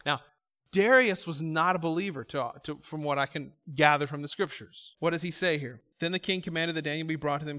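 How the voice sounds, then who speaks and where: A man preaching a sermon as pastor, reading scripture aloud and commenting, moving from quiet asides to loud emphatic calls. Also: fairly high pitch, in a large hall, highs cut off.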